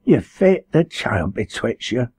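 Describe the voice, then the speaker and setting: A man's voice: medium pitch, sing-song, slow pace, darkish tone, breathy edge, no echo, pitched above the performer's own voice, exaggerated voice. A man voicing a stubborn young pit girl who speaks bluntly and steadily in a broad Lancashire dialect. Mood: stern.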